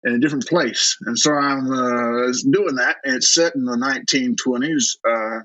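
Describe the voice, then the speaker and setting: A man with a Southern US accent, an author chatting in an interview, self-deprecating and halting with many restarts. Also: mid-range voice, fairly bright tone, dry recording, dull audio. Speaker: guest author. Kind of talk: casual interview chat.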